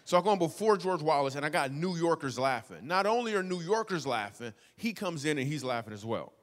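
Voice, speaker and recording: A young man telling a stand-up comedy story, animated and playful, swinging from hushed asides to loud outbursts. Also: fairly high pitch, fairly quick. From Michigan. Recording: long hall reverb.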